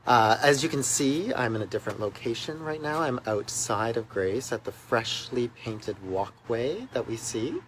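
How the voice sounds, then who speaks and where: A man's voice: medium pitch, animated, moderate pace, hardly any pauses, a bit bright, slight background noise, poor audio. A man, a minister, telling a personal story in a church video message, recorded outdoors beside a church walkway. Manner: earnest storytelling, emphatic in places.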